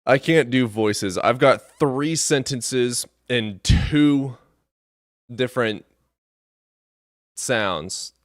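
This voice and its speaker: A man's voice: medium pitch, drawn-out words, pauses often, no echo, studio quality. A man hosting a debate live stream, talking in a casual, sarcastic and profane way.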